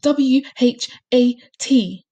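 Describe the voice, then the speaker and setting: Storybook schoolboy in pain, high squealing voice, pleading, as a woman puts him on. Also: very slow, mellow. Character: frightened young schoolboy in pain.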